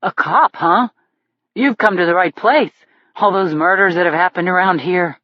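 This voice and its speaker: A woman's voice: on the low side, moderate pace, no room sound, dull audio, lightly acted. A woman voicing a nervous young male lawyer who stutters and apologizes, in an audiobook. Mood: apologetic.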